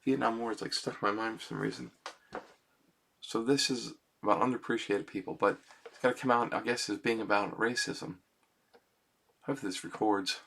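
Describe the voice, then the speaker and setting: A man talking casually into his computer's webcam mic, rambling and self-conscious and often adding "man" and "you know", then quietly reciting his own song lyrics. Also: fairly low pitch, steady tone, a little fast, gravelly, long pauses, husky. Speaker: amateur songwriter.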